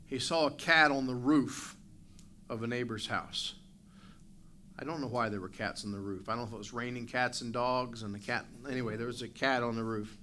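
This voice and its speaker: Guy pastor preaching sunday morning, bright voice, animated, faint hiss behind. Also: mid-range voice. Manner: animated preaching, acts out barking dog and asides to the congregation. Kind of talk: sermon. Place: church sanctuary.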